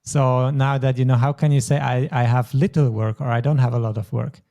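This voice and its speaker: A man's voice: medium pitch, little pitch movement, a little fast, mellow. A man teaching a German lesson, explaining grammar patiently step by step. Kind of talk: language lesson.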